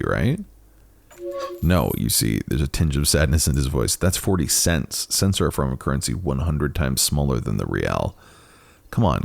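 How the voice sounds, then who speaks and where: A man's voice: a bass voice, vocal fry, darkish tone, no echo. A man hosting a let's play, reading a game's dialogue aloud and musing between lines. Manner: musing, reads all parts with shifting voices. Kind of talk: reading game dialogue aloud while playing.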